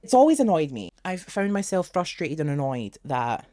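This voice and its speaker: A man's voice: fairly high pitch, big pitch swings, normal speed, warm tone. A young man talking casually as a music reviewer, sarcastic and exasperated, with jokey asides. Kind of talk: casual album review vlog.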